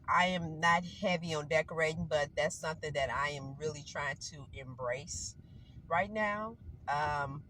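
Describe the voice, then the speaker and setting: A woman vlogger with a low, bright, forceful voice chats rambly to camera while running errands, correcting herself as she goes. A cold has her congested, and a noisy vehicle hums in the background.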